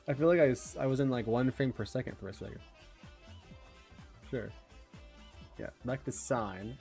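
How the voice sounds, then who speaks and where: A man's voice: medium pitch, unhurried, vocal fry, long pauses, darkish tone. A young man hosting a casual livestream, laughing often and thinking aloud while chatting, with faint game music behind him. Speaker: livestream host.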